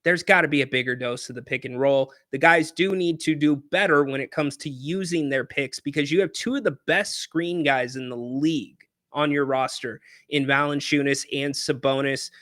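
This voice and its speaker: A man's voice: fairly high pitch, normal speed, fairly bright tone, dry recording, clean studio sound. A man hosting a sports pregame podcast, bantering playfully with callers and the live chat from a hotel room.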